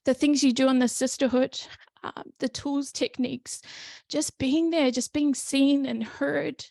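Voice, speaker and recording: A woman's voice: high voice, steady tone, a little slow, gravelly, mellow, no room sound. A woman hosting a casual podcast interview, emotional and gushing, with many ums. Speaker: podcast host.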